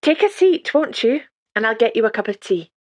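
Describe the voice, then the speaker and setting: A woman's voice: a little high, big pitch swings, fairly quick, darkish tone, no room sound, voice pushed up. A woman voicing a motherly old midwife with a faint Scottish lilt. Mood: warm. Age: older. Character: warm, sprightly elderly woman, a retired midwife.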